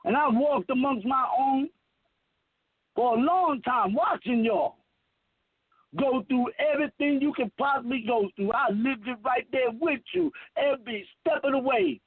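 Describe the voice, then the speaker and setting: Very high-pitched with a breathy edge, a man in his fifties speaks at a measured pace as a self-declared messiah. His monologue rambles, preaches, and leans hard on swearing, all emphatic. It's a tinny, dry phone line without echo.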